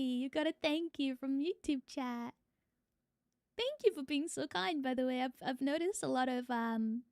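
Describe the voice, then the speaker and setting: Woman, young adult, casual stream chat, high-pitched, dry sound. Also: no echo. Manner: chatty, swears casually, talks to chat.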